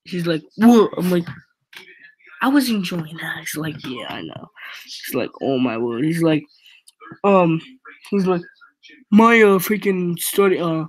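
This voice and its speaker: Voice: medium pitch, expressive, a little slow, pauses often, low-quality recording. Rambling young teen vlogger. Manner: rambling, fills nearly every sentence with "freaking". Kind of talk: casual storytelling.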